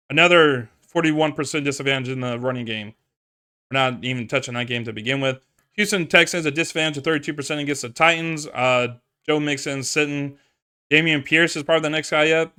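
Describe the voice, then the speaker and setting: Bright-voiced man breaking down stats. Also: a little high, smooth. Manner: reads numbers, thinks aloud with fillers and restarts. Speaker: fantasy football podcast host.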